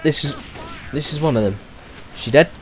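A man's voice: fairly high pitch, moderate pace. Wry, swearing young male gamer. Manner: muttering, swearing, wry asides. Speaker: gaming streamer. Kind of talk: casual gameplay commentary.

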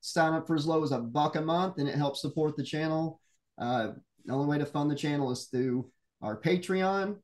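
A man's voice: on the high side, moderate pace. A man co-hosting a casual horror podcast, joking and easygoing while plugging support links. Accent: regional accent. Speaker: co-host.

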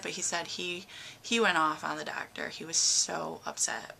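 A woman's voice: fairly low pitch, little pitch movement, brisk, vocal fry, sharp tone, slight background noise. A middle-aged woman giving a rambling, emotional personal update in her vlog, with lots of fillers. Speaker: vlogger.

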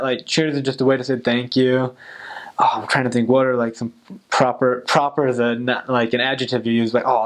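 A young American man, a returned missionary, giving casual advice in a chatty way full of "like" fillers. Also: medium pitch. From United States.

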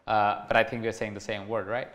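A man with an Indian accent hosting an interview, warm and hesitant, often restarting his sentences. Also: on the low side, flat delivery, fairly quick. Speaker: interviewer, host. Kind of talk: conversational interview.

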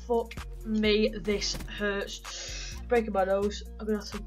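Teen boy, gaming commentary, high bright voice, loud, swears, yelps. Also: normal speed, faint music behind. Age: teens. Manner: excitable, loud, swears a lot, yelps in pain. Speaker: gaming YouTuber.

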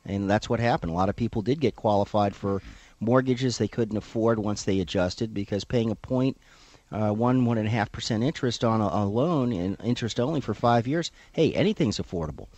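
A middle-aged man with a fairly low voice, speaking as an attorney guest on a radio show. He explains in a measured, unhurried way, dotted with uhs. The sound is dry and close, with no room echo. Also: darkish tone. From South Florida. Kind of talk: radio interview. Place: radio studio.

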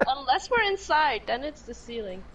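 A woman's voice: sits high, big pitch swings, normal speed, a bit bright. A woman playing a co-op game on a stream, chatting in a playful, giggly, silly way. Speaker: co-op gaming partner. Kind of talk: casual live gaming chat.

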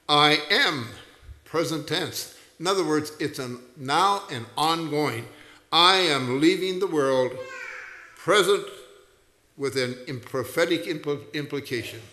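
A man's voice: on the high side, pushed and bright. A male pastor preaching a sermon, emphatic and teacherly, rising to passionate raised peaks as he explains scripture to his congregation. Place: church sanctuary. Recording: echoey church sanctuary, long reverb.

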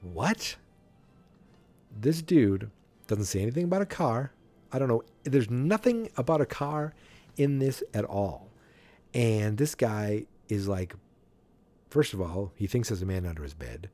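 A man's voice: lowish voice, very animated, measured pace, pauses often, mellow, soft background music. A man hosting a podcast, casually recapping a comic in a chatty, wry way with asides. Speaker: podcast host.

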